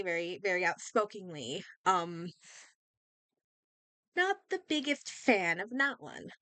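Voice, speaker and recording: A young woman talks through a reaction video in an excitable, rambling way, full of fillers and restarts. Her voice is bright and crisp. The sound is dry and close on a desk mic. She is a little under the weather. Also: fairly high pitch, dry recording. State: slightly sick. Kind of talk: casual reaction commentary. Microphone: desk microphone.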